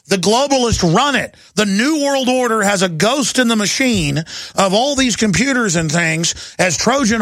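Middle-aged guy ranting on his radio show, high voice, dead dry studio. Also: no room sound. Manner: fervent, ranting, rising to shouts. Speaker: radio talk show host. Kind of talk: impassioned talk radio monologue.

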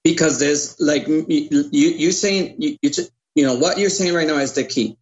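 A man's voice: a little high, moderate pace, darkish tone. A man from Puerto Rico, a radio broadcaster, explaining his view persuasively as an interview guest. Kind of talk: casual interview talk. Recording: muffled lo-fi audio.

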